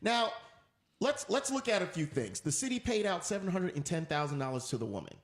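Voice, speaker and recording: Man, radio host, opinionated rant, emphatic, somewhat high voice, roomy echo. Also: big pitch swings, brisk. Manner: emphatic, preachy, repeats points for effect.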